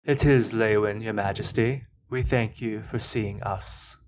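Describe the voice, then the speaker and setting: A man's voice: fairly low pitch, steady tone, unhurried, slight background noise, natural voice. A man voicing a formal, polite foreign woman, as he reads a story aloud.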